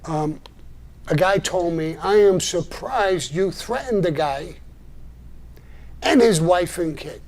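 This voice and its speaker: An older man holds forth on a live stream, cursing freely and pushing back hard at a critic. His voice sits somewhat high for a man, and his delivery is blunt and combative, broken by short gruff laughs. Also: expressive, slow, pauses often, darkish tone. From New York. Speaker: live show host answering viewer messages. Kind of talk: blunt livestream monologue.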